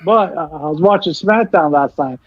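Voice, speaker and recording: A man co-hosting a casual wrestling chat, excitable and swearing as he retells scenes. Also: on the high side, moderate pace, phone-quality sound. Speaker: co-host.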